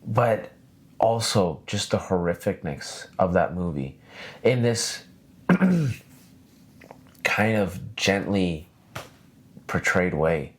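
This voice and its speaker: A man hosting his own podcast, ranting in a profane, rambling, animated way. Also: sits low, very slow, pauses often, slight background noise. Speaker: podcast host. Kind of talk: solo casual podcast rant.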